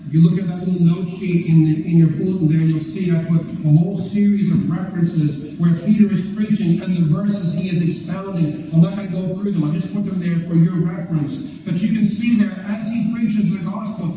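Pastor, male, high and dark-toned, emphatic, repetitive preaching; distant mic in a very echoey hall. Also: fairly even intonation, a little fast, few pauses, slight background noise. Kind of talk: sermon. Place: church sanctuary.

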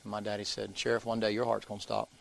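A man's voice: lowish voice, monotone, fast talker, creaky. A man, preaching by telling a folksy story and acting out the people's voices. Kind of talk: sermon storytelling.

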